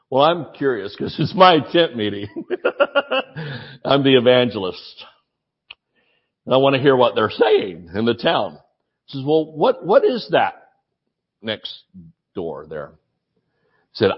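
Preacher guy telling funny stories in a sermon, gets excited and yells, bit muffled recording. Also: on the low side.

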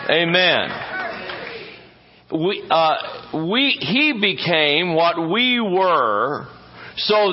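Guy pastor preaching, folksy and jokey, kinda high voice, muffled audio. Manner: folksy, joking asides, stretches words for emphasis. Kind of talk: sermon.

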